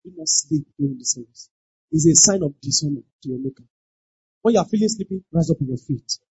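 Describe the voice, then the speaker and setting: A pastor delivers a sermon in a rough, very husky voice whose pitch leaps around with lively energy. The delivery is emphatic, with repeated phrases and sudden shouted cries. The recording sounds dull and lo-fi, with a dry, close sound. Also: fast talker, dry recording. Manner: emphatic, repeats lines, bursts into shouted exclamations.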